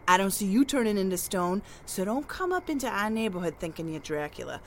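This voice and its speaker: A woman's voice: mid-range voice, brisk, slight background noise, close to an everyday voice. Woman playing a brash, blustering neighborhood gossip. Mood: ranting. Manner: loud, blustering, lively delivery with chuckles. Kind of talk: comedic audio drama acting.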